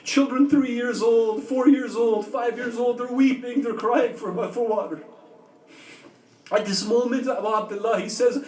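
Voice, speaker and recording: A preacher with a very high voice and a darkish tone narrates a sermon in a community religious center hall, speaking unhurriedly with fairly even intonation. He tells the story with feeling and poses rhetorical questions to the listeners. The sound is roomy and distant, with a faint hum from the hall.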